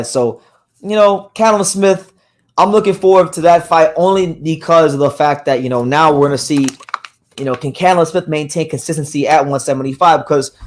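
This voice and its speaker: Hoarse man rambling through boxing news. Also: on the high side. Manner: casual, rambling with frequent restarts and fillers. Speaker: boxing podcast host. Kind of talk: live boxing news talk show.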